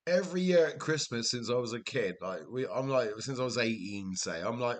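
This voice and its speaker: A man's voice: mid-range voice, expressive, moderate pace, fairly bright tone. A man with a Welsh accent hosting a live game stream, chatting casually, laughing often and telling rambling family stories. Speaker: livestream host. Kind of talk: casual livestream chat.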